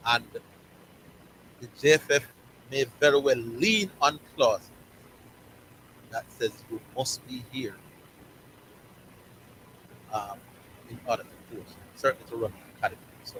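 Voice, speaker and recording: Bright-voiced Jamaican sports host. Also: male voice, medium pitch, measured pace, long pauses, a little hiss or hum, low-quality recording. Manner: emphatic, repeats words and phrases for stress. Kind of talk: opinionated sports talk.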